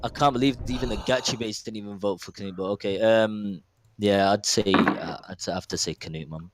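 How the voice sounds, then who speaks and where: A man's voice: on the low side, brisk, background noise. Hesitant man. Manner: hesitant, slangy, evasive. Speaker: podcast contestant. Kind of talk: casual chat. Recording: faint music underneath.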